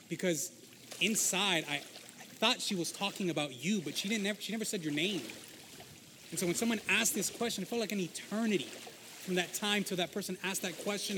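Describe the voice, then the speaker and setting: An impulsive, emotional fisherman disciple, played by a man in a Christian skit. His voice sits a little high and runs loud and heartfelt. A faint hiss of noise lies under it. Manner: excitable, loud, emotional storyteller. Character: impulsive male fisherman disciple Peter, adult.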